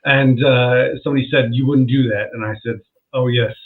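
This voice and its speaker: A man's voice: mid-range voice, steady tone, fairly quick. A man, a comedian guest, telling a story in casual chat, laughing as he goes and acting out what people said. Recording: tinny phone-like line.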